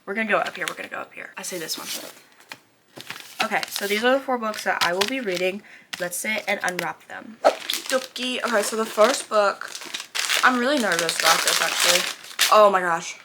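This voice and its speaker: A woman's voice: medium pitch, fairly quick, very noisy. A young woman casually rambling about her reading in a chatty vlog, often cutting herself off mid-sentence. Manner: rambling, bubbly, self-interrupting. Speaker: book vlogger. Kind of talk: casual chat. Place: bedroom with bookshelves.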